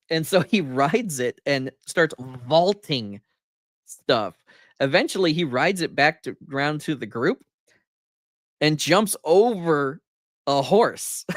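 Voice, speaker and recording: Middle-aged male co-host, animated storyteller who acts out quotes, dry close recording. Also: medium pitch, dry recording. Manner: animated retelling, laughing often, acting out quotes. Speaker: podcast co-host. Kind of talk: casual storytelling chat.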